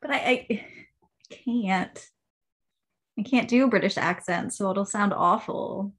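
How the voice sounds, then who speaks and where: A woman co-hosting a casual book-club chat, easygoing, laughing often and quick to agree. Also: mid-range voice.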